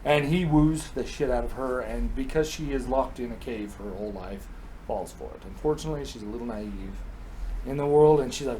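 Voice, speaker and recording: A man's voice: medium pitch, a little fast, a little hiss or hum, low-quality recording. Chatty man retelling myths, profane. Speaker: comedic myth storyteller. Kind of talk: casual comedic retelling.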